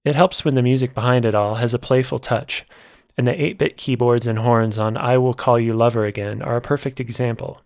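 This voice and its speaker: A man narrating a scripted music album review in a measured, descriptive way. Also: medium pitch, steady tone, darkish tone, no room sound, studio quality.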